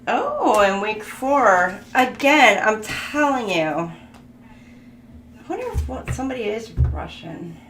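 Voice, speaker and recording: Woman tarot reader, casual, slow-paced and chatty, recorded in an echoey room. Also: medium pitch, lively intonation, a bit bright. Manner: chatty, laughs, thinks aloud. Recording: echoey room with background noise.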